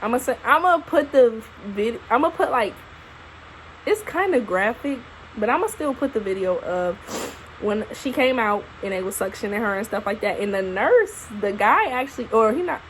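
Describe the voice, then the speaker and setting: A young woman, a new mother casually telling her birth story to camera in an expressive, profane way. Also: on the high side, normal speed, a little hiss or hum, poor audio. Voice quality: expressive, profane, animated retelling. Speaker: vlogger, new mom. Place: at home holding her baby.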